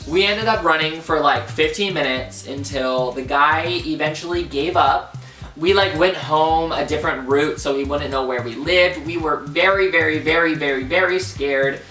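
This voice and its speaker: A man's voice: on the high side, normal speed, sharp tone, distant mic. A young man around twenty telling a dramatic story time on his vlog, full of "like" fillers. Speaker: vlogger. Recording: roomy echo, off-mic, faint music.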